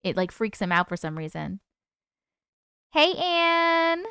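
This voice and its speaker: A woman's voice: lowish voice, fairly even intonation, brisk, vocal fry, a bit bright, smooth, no echo, clean studio sound. A woman from the UK hosting a live stream at home, chatting casually and answering viewer comments as they come in. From United Kingdom.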